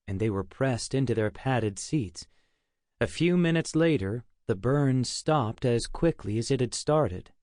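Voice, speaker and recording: Man, audiobook narrator, steady measured reading, mid pitch, close studio mic, dry sound. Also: no echo.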